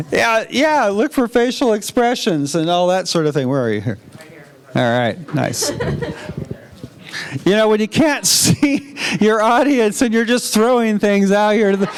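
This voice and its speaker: A man leading a teaching workshop, chatty and jokey, drawing answers out of the audience in a large room. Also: sits high. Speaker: workshop presenter.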